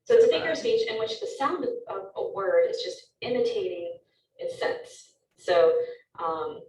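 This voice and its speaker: A woman's voice: mid-range voice, sing-song, moderate pace, a little mellow, reverberant, distant mic, slight background noise, low-quality recording. A woman teacher giving a recorded lecture, explaining step by step with frequent ums.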